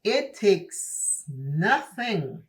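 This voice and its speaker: Slow-talking, emphatic woman with an accent. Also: mid-range voice, big pitch swings. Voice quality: speaks with an accent. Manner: emphatic, preachy, repeats for stress. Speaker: beauty vlogger. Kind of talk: chatty get-ready-with-me talk.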